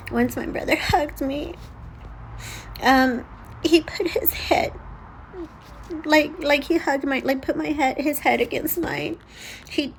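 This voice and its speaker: High-voiced woman with a gravelly edge, pleading and emotional, lots of restarts, faint background noise. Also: rough recording. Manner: emotional, halting with many restarts; earnest, pleading. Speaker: spiritual content creator. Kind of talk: personal spiritual vlog.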